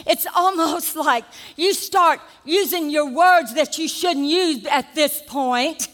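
An older woman pastor preaching a sermon, animated and folksy, rising to shouts at the peaks. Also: high-pitched, slow, hardly any pauses. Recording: long reverb of a church hall.

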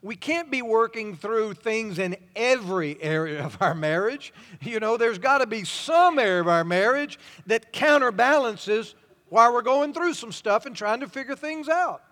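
Older man preaching, high-pitched, folksy and homespun, long hall reverb. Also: lively intonation, normal speed. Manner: folksy, warm-hearted storytelling with chuckles. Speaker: pastor. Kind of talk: sermon.

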